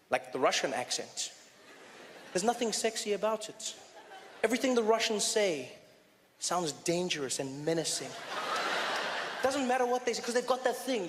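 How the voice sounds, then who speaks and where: A male stand-up comedian performing on a club stage, energetic and often shouting. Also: high-pitched, normal speed, slight background noise. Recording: reverberant club with faint ambience.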